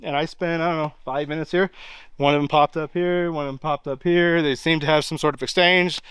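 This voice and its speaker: A man's voice: a little high, fairly even intonation, brisk, a bit bright, clean tone, no room sound, poor audio. Guy out in the woods retelling a hunt, keeps saying like and right here, close dry mic. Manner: rambling, full of "like" and pointing "right here". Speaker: eyewitness recounting a hunt. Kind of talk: casual on-location retelling. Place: outdoors in a wooded area.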